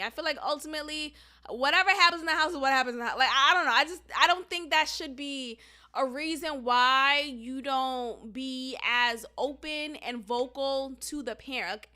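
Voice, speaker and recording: A woman's voice: sits high, pushed and bright. A woman hosting a podcast, a teacher giving her candid, outspoken opinions in casual chat, with many fillers. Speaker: podcast host.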